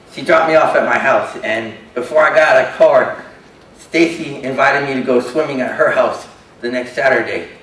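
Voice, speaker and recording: In a stage monologue, an actor portrays a shy, self-doubting young man with a disability who tells his story haltingly and earnestly. His voice is medium-pitched and a bit bright, captured from a distance in a roomy hall.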